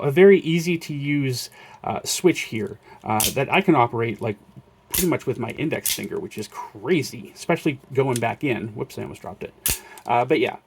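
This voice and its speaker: A man's voice: mid-range voice, a little hiss or hum. A man casually showing off his collection in a vlog, rambling with many fillers and self-corrections. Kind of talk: casual show-and-tell vlog.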